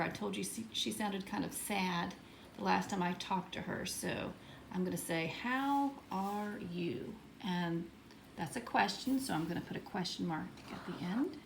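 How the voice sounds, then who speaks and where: A woman teacher giving a writing lesson to young children, reading example words slowly and with exaggerated emphasis. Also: on the low side, gravelly, a little hiss or hum. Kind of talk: early-grade writing lesson.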